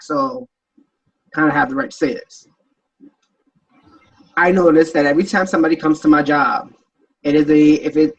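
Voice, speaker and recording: A man in a casual group chat on a podcast, telling animated stories and acting out other people's voices. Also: on the high side. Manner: animated storytelling, acts out quoted voices. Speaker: podcast panelist. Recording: dull, distant sound.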